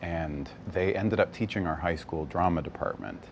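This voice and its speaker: A young man from the US West Coast, an actor chatting casually in an interview, animated and laughing often. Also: low-pitched, moderate pace, creaky, slight background noise. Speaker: actor guest. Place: bar.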